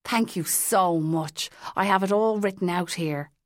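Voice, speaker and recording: A woman reading a gentle, earnest male priest. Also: fairly low pitch, unhurried, dry recording, clean studio sound, lightly acted. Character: kindly gentle male priest, acting chaplain.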